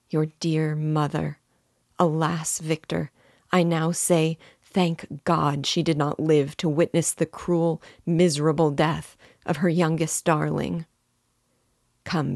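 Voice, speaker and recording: A woman reading a classic novel aloud in a measured, expressive way, as a guide to the book. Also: deep voice, dry recording, clean studio sound.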